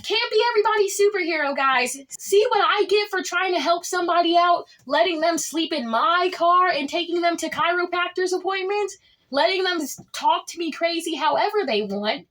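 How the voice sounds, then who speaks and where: A woman with a strikingly high voice tells a storytime to her viewers. She talks boldly and boastfully, leaping up and dropping low for drama. Her delivery stays casual and chatty throughout. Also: normal speed, a bit bright. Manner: dramatic, swings pitch up and down; outspoken and boastful. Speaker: vlogger.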